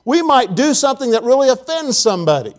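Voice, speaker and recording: A man's voice: very high-pitched, very animated, quick pace. A man preaching a sermon in a church auditorium, emphatic, repeating phrases and putting questions to the congregation.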